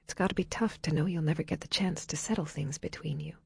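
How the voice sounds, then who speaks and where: Woman playing a gentle young woman, soft half-whisper, low husky tone. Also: steady tone, quick pace, dry recording, studio quality, heavily acted. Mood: tender, hushed.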